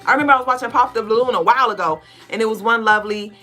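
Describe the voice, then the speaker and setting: A woman co-hosting a podcast of casual spiritual talk. She speaks bluntly, swears freely and fires off rapid rhetorical questions. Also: fairly high pitch, pushed and bright, faint music behind. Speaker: podcast co-host.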